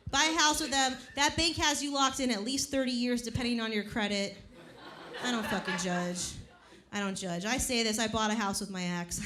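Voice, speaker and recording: On a comedy club stage before a laughing crowd, a woman in her thirties performs a brash, profane stand-up set built on punchy stories. Her voice is on the high side and a bit bright, and the live club recording carries faint crowd noise.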